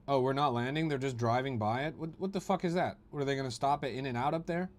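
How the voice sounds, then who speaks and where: A man's voice: medium pitch, fast talker, hardly any pauses, slight background noise. A young man hosting a crypto livestream, reading his chat aloud and mocking it with a profane, ranting manner.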